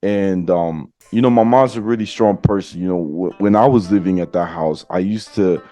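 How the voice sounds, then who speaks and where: A man hosts a casual podcast chat in a low, warm, mellow voice. He talks loosely and slangily, tossing in "you know" constantly. Soft music plays faintly behind him. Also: moderate pace, no echo. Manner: casual, slangy, peppered with "you know what I'm saying". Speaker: podcast host.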